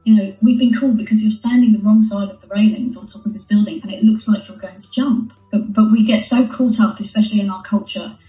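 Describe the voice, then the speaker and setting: A woman's voice: medium pitch, steady tone, fast talker, hardly any pauses, faint music behind. A woman guest, a former hostage negotiator, speaking in a thoughtful conversational way and repeating her key phrases. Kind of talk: conversational interview. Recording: dull lo-fi roomy call audio.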